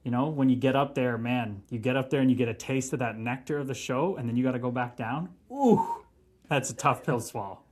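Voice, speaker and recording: A man's voice: medium pitch, fairly quick. A man in his thirties, a former pro hockey player, swearing freely as he tells stories in a casual podcast interview. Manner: profane, animated storytelling.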